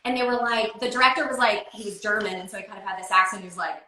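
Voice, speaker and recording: A woman's voice: mid-range voice, quick pace, pushed and bright. A woman, a guest on a talk show, telling a story in casual chat and downplaying her own part. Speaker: guest influencer. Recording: echoey room.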